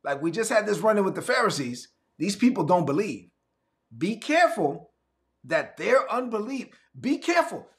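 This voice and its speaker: A man's voice: on the high side, sing-song, moderate pace. A man voicing an exasperated, weary Jesus within a sermon, scolding doubters. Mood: urgent warning. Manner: exasperated, preachy.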